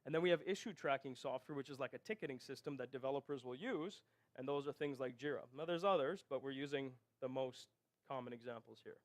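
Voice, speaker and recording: A man's voice: mid-range voice, fast talker. A man giving a technical conference presentation, explaining step by step and often checking in with the audience. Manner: explanatory, rhetorical "right?" checks. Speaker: conference speaker.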